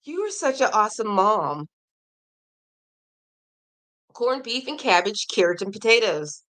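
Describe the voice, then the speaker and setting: A woman hosting a casual crochet livestream, chatting and reading viewer comments aloud with animated reactions. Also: medium pitch, unhurried.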